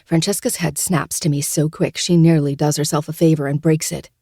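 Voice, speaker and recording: A woman's voice: deep voice, fairly even intonation, a little fast, dark tone, dry recording. A woman podcast host narrating a novel in the first person, in a dry, sardonic manner. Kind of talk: audiobook narration.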